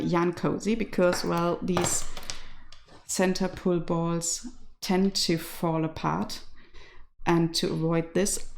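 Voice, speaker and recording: Slow, easygoing woman with German accent. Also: on the low side, gravelly. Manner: chatty, laughs often, reads viewer comments aloud. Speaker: knitting live stream host. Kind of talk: casual live stream chat. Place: home in rural west Ireland.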